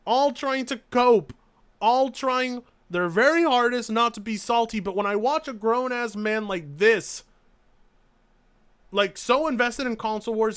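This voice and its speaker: A man hosting a live stream, reacting to clips with sarcastic, incredulous commentary. His voice sits high for a man, and he keeps a mocking, disbelieving tone. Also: fairly bright tone. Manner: sarcastic, incredulous, laughing asides.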